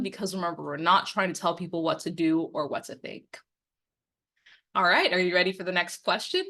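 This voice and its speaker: A woman's voice: lowish voice, moderate pace, bright, forceful tone. A young woman campaigner giving a quiz-style lesson, posing questions and explaining answers with frequent ums. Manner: poses multiple-choice questions and explains answers, friendly coaching tone. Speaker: media and democracy campaigner. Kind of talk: instructional quiz-style presentation.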